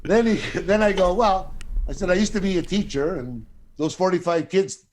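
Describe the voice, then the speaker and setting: A man's voice: high-pitched, moderate pace. Older man telling a salty story. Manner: profane, animated anecdote teller. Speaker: actor guest. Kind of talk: casual storytelling.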